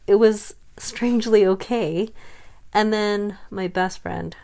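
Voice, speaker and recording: A woman's voice: on the low side, unhurried, darkish tone. A woman frankly venting about being dismissed, heated and self-conscious in turn. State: chronically ill. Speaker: vlogger. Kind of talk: personal rant to camera.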